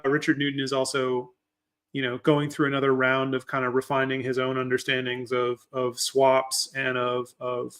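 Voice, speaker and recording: A man's voice: medium pitch, a bit bright. A young man from Maryland hosting a casual livestream, greeting viewers by name and talking loosely with lots of fillers. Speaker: livestream host.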